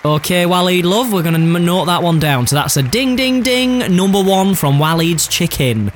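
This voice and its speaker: A man's voice: sits high, animated, moderate pace, a little hiss or hum. A man, playing a chatty comic radio judge who calls everyone love. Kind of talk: camp comedy radio banter.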